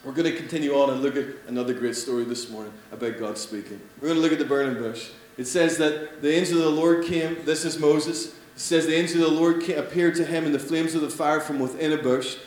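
A man preaching a sermon, animated, swinging between loud emphatic lines and soft hushed ones. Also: a little high, fast talker, few pauses. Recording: echoey room with faint hum.

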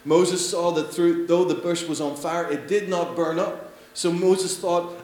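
A man's voice: fairly high pitch, measured pace. Man preaching in an echoey hall. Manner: animated, swings between loud emphasis and soft hushed lines. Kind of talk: sermon. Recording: echoey room with faint hum.

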